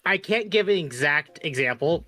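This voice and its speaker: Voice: medium pitch, animated, moderate pace, over loud music. A co-host in casual live-stream chat, conversational and hedging.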